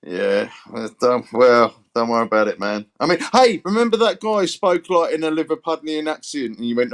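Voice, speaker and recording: A man's voice: medium pitch, a little fast, hardly any pauses. A man chatting casually as a livestream guest, rambling and hesitant with lots of fillers.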